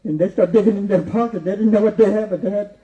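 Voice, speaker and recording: A man's voice: high voice, fast talker, dark tone. A man telling a spoken story, rambling and repetitive, often chuckling to himself. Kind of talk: oral storytelling. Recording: distant, dull lo-fi recording.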